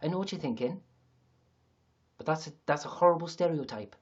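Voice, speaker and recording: A man's voice: fairly high pitch, expressive, fairly quick, slightly rough. Guy chatting on a livestream, joking around, swears a lot, muffled sound. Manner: rambling, joking, self-mocking, swears freely. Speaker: livestream host. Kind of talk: casual comedic livestream chat.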